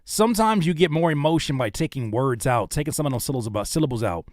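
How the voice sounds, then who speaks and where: A man's voice: on the high side, expressive, fast talker, dry recording, studio quality. A man chatting casually on a live stream, giving feedback on music, rapping lines back and slipping into voice impressions. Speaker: rapper and producer reacting to viewer music.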